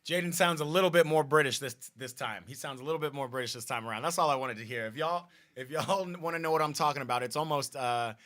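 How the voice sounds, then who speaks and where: Man, bright and forceful voice, casual live-stream football chat, reads viewer comments, restarts a lot. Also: a little high, fast talker, few pauses. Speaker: watch party host.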